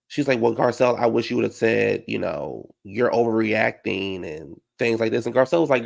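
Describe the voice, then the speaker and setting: A man with a gravelly, fry-tinged voice chats through a reality show recap. He is sassy and dramatic, full of slang, and keeps jumping into high, mocking put-on voices when he quotes people. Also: moderate pace. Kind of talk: casual recap chat.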